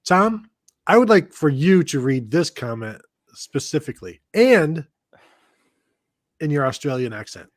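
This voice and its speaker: A man's voice: fairly high pitch, very animated, a little slow, pauses often, dry recording, clean studio sound. A man co-hosting a sports podcast, talking casually with loose, rambling sentences. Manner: loose, rambling delivery with fillers. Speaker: podcast co-host.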